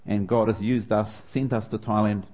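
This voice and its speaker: Preaching a sermon, this middle-aged man from New Zealand recounts a personal story as his feeling steadily rises. He has a New Zealand accent and a lowish, slightly mellow voice, keeping a steady tone at a normal speed.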